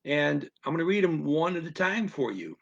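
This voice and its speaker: A man's voice: fairly high pitch, very animated, gravelly, fairly bright tone, highs cut off. A man teaching a listening lesson on a live stream, patient and repetitive, checking in with "okay?" again and again. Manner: slow, patient, repeats instructions with frequent "okay?". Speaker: language teacher.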